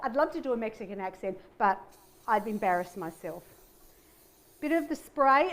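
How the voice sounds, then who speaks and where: A middle-aged woman hosting a cooking show, chatting upbeat to viewers as she chops and fries in her kitchen. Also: on the high side. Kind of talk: casual cooking demonstration. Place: home kitchen. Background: pan sizzling and kitchen clicks.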